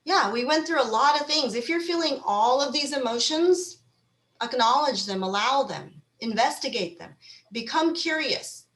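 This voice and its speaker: A woman's voice: high voice, normal speed. Woman, panel speaker on mental health, encouraging and conversational. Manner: encouraging, conversational, animated when acting out feelings. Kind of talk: online panel talk.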